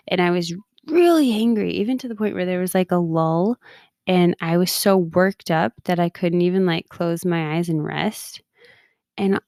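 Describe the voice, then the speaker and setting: A woman's voice: mid-range voice, moderate pace, creaky, a little mellow, smooth, no echo, studio quality. A woman in her thirties, a podcast host and coach, talking casually and often laughing at herself. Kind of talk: casual personal talk.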